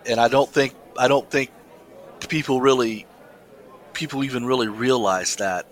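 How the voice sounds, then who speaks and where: A man's voice: mid-range voice, poor audio. A man co-hosting a casual talk show, chatting with many restarts and reading a news story aloud. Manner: halting, many restarts and fillers. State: coughing, something in windpipe. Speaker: podcast co-host.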